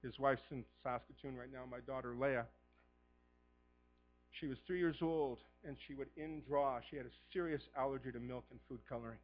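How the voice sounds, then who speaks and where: A middle-aged man preaching a sermon as pastor, fervent, swinging from a hushed voice to shouting. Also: medium pitch, fairly even intonation, normal speed, muffled recording, soft background music.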